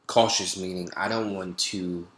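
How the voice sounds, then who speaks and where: A man's voice: low voice, steady tone, measured pace, fairly bright tone, echoey room. A man talking through his thoughts in a video diary, hesitant and full of fillers and restarts. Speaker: vlogger practicing accents. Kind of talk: reflective spoken video diary.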